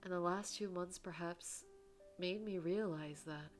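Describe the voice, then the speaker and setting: A woman reading the lines of a shy, gentle divorced man in a story game, speaking hesitantly with pauses and restarts. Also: on the low side, soft background music, close to an everyday voice. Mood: tender. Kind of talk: reading game dialogue aloud.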